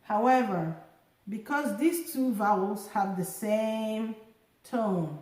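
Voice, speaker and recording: A woman teaching a language lesson, drawing words out slowly and sounding their tones in drills. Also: mid-range voice, a little mellow, roomy sound, poor audio. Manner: drawn-out sung word drills. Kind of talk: slow tone-marking lesson.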